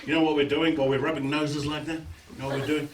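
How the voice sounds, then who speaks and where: A man with a New Zealand accent doing live stand-up comedy, loud and animated, breaking into shouted bits. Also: on the high side, quick pace, slight background noise. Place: small live event venue with audience. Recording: echoey room, far from mic, loud crowd.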